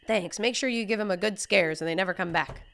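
A woman reading the lines of a grumpy old man from a video game, in a gruff, folksy way close to her own voice. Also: mid-range voice, quick pace, a bit bright, slight background noise. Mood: grumbling.

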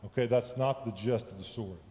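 A man's voice: medium pitch, fairly quick, warm tone. A man giving a conversational sermon in a church, often checking in with his listeners. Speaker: lay preacher. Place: church sanctuary. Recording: echoey church hall with long reverb.

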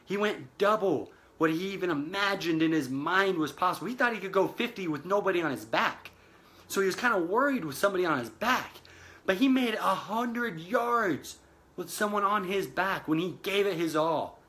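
Man, motivational speaker, slightly high voice with a bright edge, earnest, repeats phrases. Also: animated, moderate pace. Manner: earnest, addresses listeners as guys, repeats phrases for emphasis. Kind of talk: motivational talk retelling a film scene.

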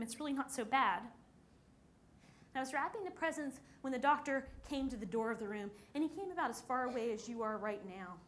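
A woman telling a personal story on a conference stage, acting out the people she quotes with lively shifts in delivery. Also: high-pitched. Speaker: speaker at a conference.

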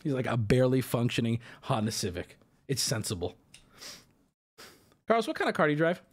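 Mid-range but swinging widely in pitch, a man hosting a livestream tells his chat a story at a slightly fast clip. It's casual ranting, heated and profane.

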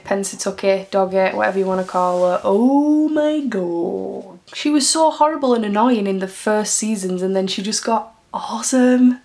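Young woman, Mancunian accent, casual giggly vlogger with a gravelly fry. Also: medium pitch. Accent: Mancunian English. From Greater Manchester, England. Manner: chatty and giggly, reads fan questions aloud. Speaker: YouTuber. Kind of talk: casual Q&A vlog.

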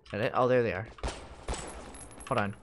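A man's voice: on the low side, a little fast, slight background noise. A young man streaming a video game, talking casually and swearing often, with frequent frustrated outbursts at the game. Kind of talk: live gameplay commentary.

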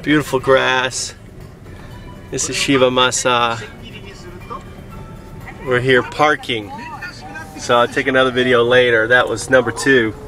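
A woman's voice: rumbling low, level tone, measured pace, pauses often, music in the background. A woman filming her small children at an outdoor water park on a handheld camera, cheering and coaxing them and mixing in Japanese words. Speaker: parent filming her kids. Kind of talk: home video narration. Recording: loud outdoor background noise.

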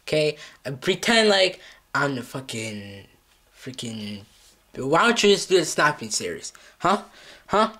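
A man's voice: on the high side, very animated, measured pace, pushed and bright. A male vlogger in a comedic scolding skit, swearing heavily and repeating mock threats and taunts.

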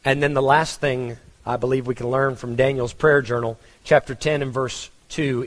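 A man's voice: mid-range voice, fairly even intonation, normal speed, few pauses, in a large hall. A man with a Texan accent preaching a conversational sermon, asking his congregation questions. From Texas. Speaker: pastor.

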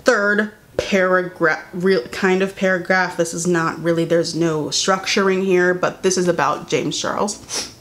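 Young woman reading a statement out loud and picking it apart, sassy and unimpressed, pops up high then drops to a mutter. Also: fairly even intonation, a little slow. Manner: sassy, incredulous, swings between high exclaims and low mutters. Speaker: commentary YouTuber. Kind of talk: reaction commentary reading a statement aloud.

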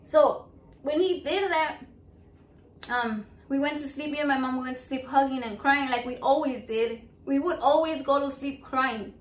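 A woman's voice: sits high, moderate pace. A young woman vlogger telling a painful personal story in blunt, profane, emotional words. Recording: echoey room.

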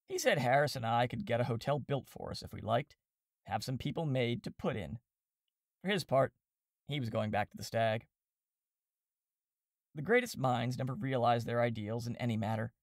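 A man narrating a classic comic novel in a steady, wry storytelling manner, voicing the characters as he goes. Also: mid-range voice, no echo, clean studio sound. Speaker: audiobook reader and podcast host.

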